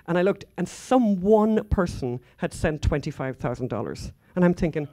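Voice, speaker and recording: Speaking from a conference hall stage at normal speed, this Irish woman has a fairly low, warm, animated voice. Her anecdotal talk is chatty and meandering, packed with asides and fillers.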